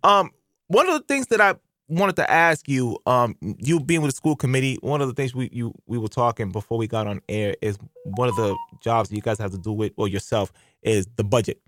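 A man hosting a casual radio interview, joking around in slangy, animated talk. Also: medium pitch, fairly quick, no room sound, faint music behind. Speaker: radio host.

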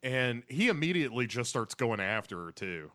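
A man's voice: medium pitch, very animated, moderate pace, pushed and bright. A man co-hosting a podcast, recapping a show in a rambling, jokey way with silly voices. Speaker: podcast co-host. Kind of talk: casual comedic recap chat.

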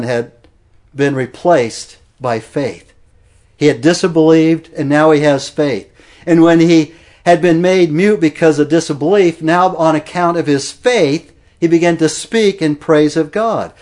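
Man preacher, slightly higher voice, earnest verse-by-verse sermon delivery. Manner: earnest, explanatory, stresses key words. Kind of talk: expository sermon.

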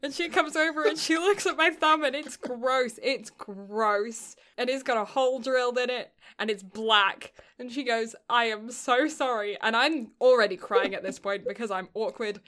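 A woman's voice: on the high side, normal speed, few pauses, fairly bright tone. A young woman in casual chat, telling stories in a rambling way and often laughing between words. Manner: rambling storyteller, often laughing mid-sentence.

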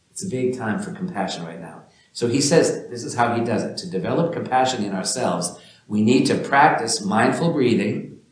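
A man teaching an informal spiritual talk in a gentle, musing way, speaking to listeners by name. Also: fairly low pitch, heavy reverb, low-quality recording.

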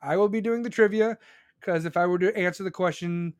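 High-voiced, profane podcast host. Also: male voice, fairly quick, smooth, no room sound. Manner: loud, profane and rambling, with sudden pitch jumps. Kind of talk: live podcast venting monologue. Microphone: close studio microphone.

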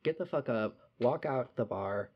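A young man tells a bar story in casual chat, profane and animated, jumping into voices for the people he quotes. His voice sits mid-range and the recording sounds a little dull and lo-fi. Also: medium pitch, measured pace, husky.

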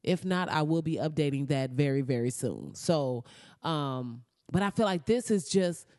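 A young woman in a casual reaction vlog, talking excitedly and profanely, laughing often and slipping into mock-outraged asides. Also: sits low, normal speed, no room sound, studio quality. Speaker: vlogger reacting to a movie trailer.

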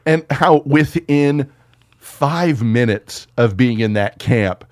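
Man, from the US, casual film chat, profane and animated, average pitch, dry close sound. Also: slow pace, dry recording. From United States. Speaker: podcast co-host.

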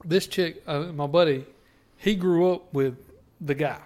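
A man co-hosting a casual podcast, chiming in with crude, quick remarks. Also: fairly high pitch, darkish tone. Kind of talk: casual chat.

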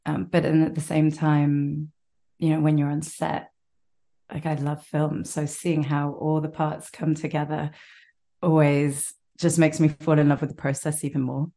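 A woman's voice: deep voice, level tone, measured pace, vocal fry, mellow. A woman with a posh British accent, a guest actor chatting in an interview and laughing often as she talks. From Britain. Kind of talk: casual interview chat.

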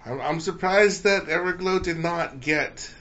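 A man co-hosting a podcast in casual chat, opinionated and animated. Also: fairly high pitch, unhurried, muffled recording. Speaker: podcast co-host.

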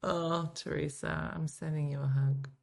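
A middle-aged woman hosting a casual live-streamed morning chat, swinging from quiet asides to loud exclaiming. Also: low-pitched, flat delivery, a little slow, gravelly. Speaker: morning show host.

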